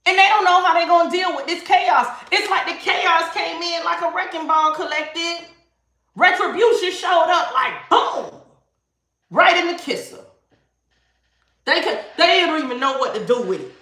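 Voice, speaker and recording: A woman's voice: very high-pitched, normal speed, bright, forceful tone, echoey room. A woman giving a live-streamed tarot reading, emphatic and sassy, repeating phrases for emphasis. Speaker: tarot reader.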